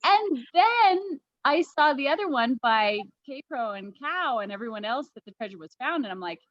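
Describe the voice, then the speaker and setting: A woman hosting a casual livestream chat, talking quickly in asides and laughing often. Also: sits high, animated, dry recording. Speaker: livestream host. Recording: dull, dry lo-fi sound.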